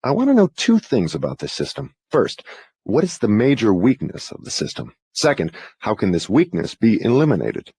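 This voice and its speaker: A man's voice: on the low side, huge pitch swings, moderate pace, mellow, husky, dry recording, full character voice. A man playing a formal, demanding interrogator who questions with insistence in an audiobook dramatization.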